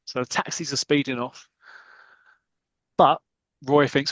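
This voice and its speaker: A man's voice: fairly high pitch, moderate pace, fairly bright tone, no echo, highs cut off. A man, a podcast co-host, chattily retelling a comic story in a rambling, casual way.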